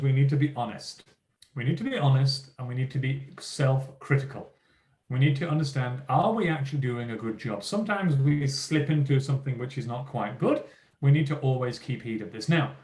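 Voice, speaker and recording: A man delivering an energetic keynote to educators, his pitch leaping up and down as he stresses each point and slips into little acted quotes. The voice sits in a mid register, and the recording has a noticeable roomy echo around it. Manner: lively, emphatic, acts out quoted teachers and children. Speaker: keynote speaker, teacher. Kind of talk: motivational keynote talk.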